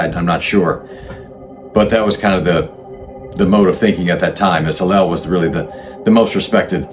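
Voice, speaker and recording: A man hosting a history talk, explaining in a loose, unscripted way with frequent restarts and self-corrections. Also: low-pitched. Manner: conversational, thinks aloud with restarts and self-corrections. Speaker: channel host explaining religious history.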